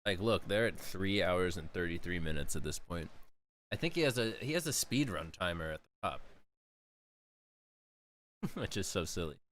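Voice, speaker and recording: A man's voice: sits low, animated, normal speed, pauses often, fairly bright tone. A man streaming casual reaction commentary, amused and laughing often.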